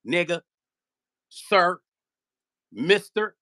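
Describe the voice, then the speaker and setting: A man's voice: high-pitched, animated, extremely slow, bright, forceful tone. A man vlogging in a heated, profane rant, repeating himself and firing rhetorical questions. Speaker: musician.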